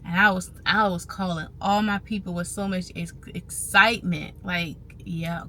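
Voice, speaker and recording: A woman vlogging casually to her viewers, animated and chatty, repeating phrases for emphasis. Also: fairly low pitch, normal speed, hardly any pauses, a little hiss or hum. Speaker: vlogger on trading and finance. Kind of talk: casual talk to camera.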